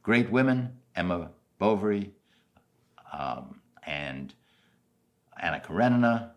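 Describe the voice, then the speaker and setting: An older man from New York City giving a commencement speech as an animated storyteller, swinging from loud highs to soft asides. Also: slow, lo-fi sound. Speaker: commencement speaker.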